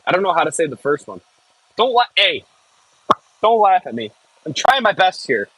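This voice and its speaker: A man's voice: high voice, sing-song, moderate pace, a bit bright, breathy edge, dry recording, rough recording. An American man chatting casually on a live stream from the cab of a heavy machine, reading viewer messages aloud and swearing when it jolts. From United States. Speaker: livestreaming equipment operator. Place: cab of a heavy machine bouncing over frozen ground outdoors.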